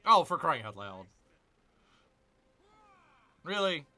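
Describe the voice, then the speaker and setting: Gaming host, man: lively, jokey grumbler, tense bright voice, faint game music behind. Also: on the high side, takes it slowly. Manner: jokey, grumbling, mock growls. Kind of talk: casual strategy game commentary.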